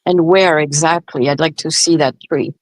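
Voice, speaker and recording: A woman's voice: low voice, steady tone, moderate pace, no room sound, rough recording. A woman co-hosting a casual true-crime chat, asking questions and agreeing along. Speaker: co-host.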